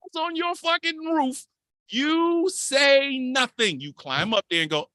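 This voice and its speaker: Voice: high-pitched, a little slow, no echo, studio quality. A podcast co-host telling a wild story with lots of swearing. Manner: animated, profane storytelling. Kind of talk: casual storytelling.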